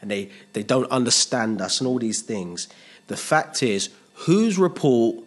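A man's voice: mid-range voice, big pitch swings, a little slow. A man preaching a sermon as pastor, earnest and emphatic, repeating phrases and asking the congregation rhetorical questions.

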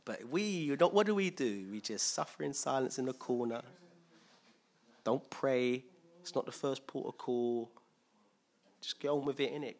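A man preaching a conversational sermon, animated and thinking aloud, switching between loud emphasis and quiet asides. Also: medium pitch, a little slow, long pauses. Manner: thinks aloud with restarts and acts out quotes.

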